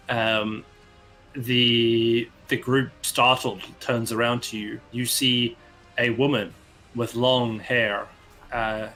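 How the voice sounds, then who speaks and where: A man's voice: medium pitch, bright, forceful tone, low-quality recording. A man narrating a tabletop game as game master, hesitant and full of restarts. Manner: hesitant, with restarts and drawn-out pauses.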